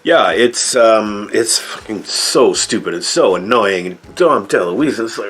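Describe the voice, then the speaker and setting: A man's voice: fairly low pitch, lively intonation, unhurried, fairly bright tone, faint music behind. A middle-aged man giving a rambling, sarcastic and profane movie review. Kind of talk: casual spoken movie review.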